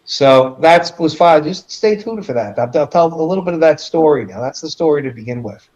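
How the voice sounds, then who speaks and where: Profane, animated New man. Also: fairly high pitch, fairly quick. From New York. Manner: profane, blunt, heated. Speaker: journalist guest. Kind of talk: casual stream chat. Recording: dull lo-fi audio.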